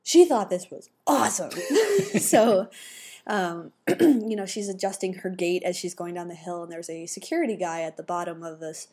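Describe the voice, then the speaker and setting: Woman, casual podcast co-host, chatty, rambling, mellow, slightly low. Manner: chatty, rambling, lots of fillers. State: pregnant. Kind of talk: casual chat.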